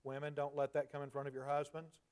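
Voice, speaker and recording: A man in his forties preaching a sermon in a conversational way, dropping to soft, emphatic asides. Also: fairly high pitch, little pitch movement, fast, clean tone. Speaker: pastor.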